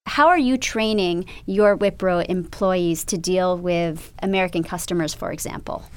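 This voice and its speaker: A woman hosting a radio interview show, narrating and asking measured, probing questions. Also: fairly low pitch, clear, resonant tone.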